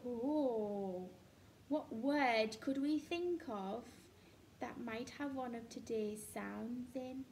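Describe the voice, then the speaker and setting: Slow, high-voiced English woman teacher. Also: a little mellow, a little hiss or hum. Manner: slow, patient, sounding out letters, questions to children. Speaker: reception class teacher. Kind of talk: recorded phonics lesson for young children. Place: indoors at a table with a book page.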